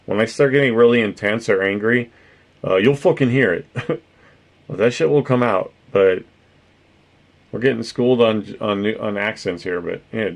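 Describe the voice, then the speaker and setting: A man's voice: fairly low pitch, normal speed, creaky, pauses often. A man chatting casually with viewers on a stream, rambling, swearing freely and laughing often, with no particular accent. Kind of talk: casual livestream chat.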